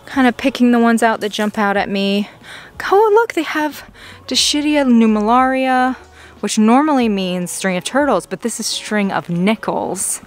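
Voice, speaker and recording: A young woman filming a casual plant-shopping vlog in a nursery, gushing excitedly over the plants she finds. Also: a little high, moderate pace. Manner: excited, gushing, frequent gasps. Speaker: plant vlogger.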